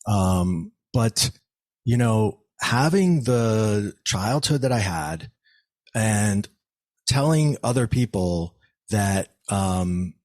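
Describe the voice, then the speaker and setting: A man's voice: fairly low pitch, expressive, very slow, darkish tone, no echo. A man telling his own story as a podcast guest, in an earnest way with frequent restarts and fillers. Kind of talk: personal storytelling in an interview.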